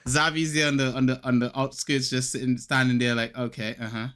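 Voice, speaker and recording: A man's voice: medium pitch, brisk. A man hosting a podcast, chatting casually and acting out voices as he tells stories about his day. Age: adult father of young boys. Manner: animated storyteller, acts out voices in anecdotes. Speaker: podcast host. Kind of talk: casual chat.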